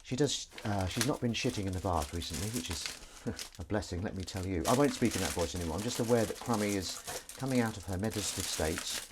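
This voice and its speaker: A man with a low voice talks quickly while hosting a live stream from his kitchen sink, washing up as he goes. His rambling monologue is chatty, jokey and self-aware. Dishes and cutlery clatter noisily in the background.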